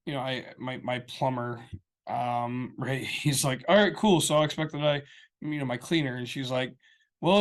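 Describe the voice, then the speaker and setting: A man co-hosting a podcast, rambling through a story in casual chat and acting out the people he quotes. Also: mid-range voice. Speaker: podcast co-host.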